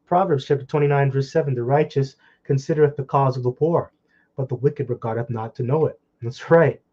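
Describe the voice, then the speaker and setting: A man reads and explains scripture in a loose, profane way, flaring into loud, heated outbursts and then sinking to low muttering. His voice sits at an ordinary middle pitch. The recording is dull and lo-fi. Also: fairly even intonation, brisk. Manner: blunt and profane. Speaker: scripture teacher. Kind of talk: informal scripture teaching.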